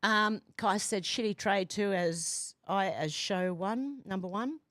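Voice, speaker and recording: Reading her chat aloud during a laid-back home livestream, this Australian host sounds amused and talkative. Her mid-range voice is a bit bright and unhurried, captured in clean, dry studio-quality sound, with doors and windows open at home.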